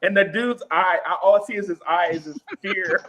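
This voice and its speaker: Animated man telling stories to his veteran friends. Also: sits high, moderate pace, noisy background. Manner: animated, acts out yelling drill instructors. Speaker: podcast host. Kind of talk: casual storytelling among veterans.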